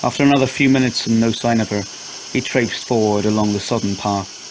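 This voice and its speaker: A man narrating a scripted horror story in a steady, measured way. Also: on the low side, background noise.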